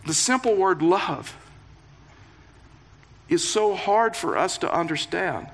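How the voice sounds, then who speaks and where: A pastor preaching a sermon, reading scripture and explaining it with earnest emphasis and playful asides. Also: male voice, sits high, expressive, slow, breathy edge.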